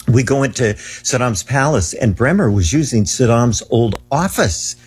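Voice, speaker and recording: Husky-voiced man telling an earnest story. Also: medium pitch, normal speed, faint music behind. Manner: animated storyteller, earnest and emphatic. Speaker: guest recounting ministry travels. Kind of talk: storytelling in a faith interview.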